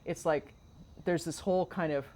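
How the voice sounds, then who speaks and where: A woman co-hosting a podcast, animated and questioning, explaining ideas like a teacher. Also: low voice, moderate pace, a little hiss or hum. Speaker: podcast co-host. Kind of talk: casual conversation.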